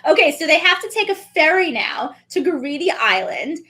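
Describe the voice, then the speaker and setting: Chatty and lively, with a high voice and frequent quick asides, this podcast co-host is a woman in her thirties talking through a casual recap.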